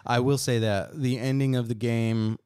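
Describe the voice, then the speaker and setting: A man's voice: mid-range voice, fairly even intonation, normal speed, darkish tone, clean tone, dry recording, studio quality. A man hosting a podcast in casual chat, laid-back and joking, with some swearing. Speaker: podcast host.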